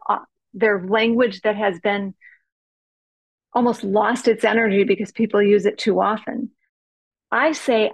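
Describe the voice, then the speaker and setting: A woman presenting a workshop as a coach, playful and animated, savoring and stretching out the sounds of words and acting out example phrases. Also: medium pitch, dry recording, low-quality recording. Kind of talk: teaching workshop talk.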